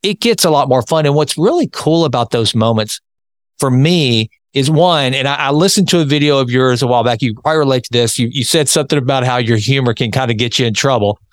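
A chatty male host talks at a middle pitch and speeds up in quick bursts. He tells anecdotes in an easygoing conversational way, and the close, dry recording has no room echo. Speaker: interview host. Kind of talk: casual interview talk.

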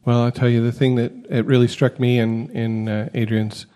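A man's voice: mid-range voice, little pitch movement, moderate pace, mellow. A man on a recovery podcast panel, speaking hesitantly with many fillers. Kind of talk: casual podcast discussion.

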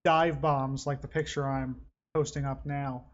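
A man's voice: mid-range voice, unhurried, lo-fi sound. A man co-hosting a gaming podcast, chatting casually and rambling with some swearing. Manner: rambling, profane, excitable. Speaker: podcast co-host. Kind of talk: casual chat.

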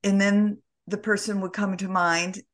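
A woman's voice: mid-range voice, flat delivery, a little slow. A woman hosting an interview, affirming her guest and sharing her own experience in casual chat. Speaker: podcast host.

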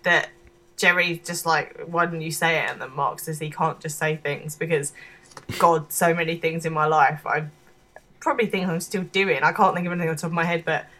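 A woman's voice: deep voice, steady tone, a little fast, fairly bright tone. A woman co-hosting a podcast, thinking aloud casually about a TV episode's characters. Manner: chatty and musing, thinking aloud with fillers. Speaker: podcast co-host. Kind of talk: casual chat discussing a TV episode.

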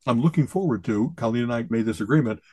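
A man co-hosting a podcast, chatting casually in an animated, jokey way and often asking "you know what I mean?". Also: medium pitch, quick pace, dry recording. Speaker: podcast co-host. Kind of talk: casual chat.

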